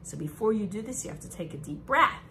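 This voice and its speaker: A young woman teaching young children, talking slowly and in a sing-song way, as if to a class of small kids. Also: medium pitch, slight background noise. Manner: animated, sing-song, slow and drawn out for kids. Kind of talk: children's lesson.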